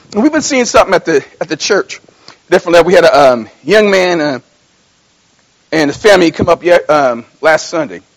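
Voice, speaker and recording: A man preaching a sermon as pastor, telling homespun stories, dropping low and then rising into loud calls to the congregation. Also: rough recording. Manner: folksy storytelling, swings from low mumbling to loud exhortation; repeats and restarts phrases.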